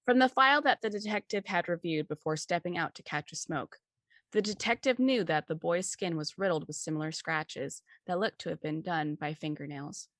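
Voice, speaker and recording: A woman narrating a story with a steady, measured reading. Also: fairly low pitch, dry recording, clean studio sound. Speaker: story reader. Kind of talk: scripted narration.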